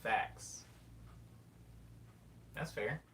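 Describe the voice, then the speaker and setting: A man's voice: extremely slow, pushed and bright. Rambling young man chatting on stream. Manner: rambling and reflective, reads chat messages aloud. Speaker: livestream host. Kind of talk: casual live-stream chat, answering chat. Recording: distant mic with faint rumble.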